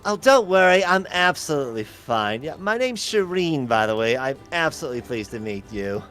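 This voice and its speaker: A man's voice: fairly high pitch, big pitch swings, moderate pace, a bit bright, faint music behind. A man voicing a chatty, fussy adult drow woman in a tabletop game, with a doting, gushing manner.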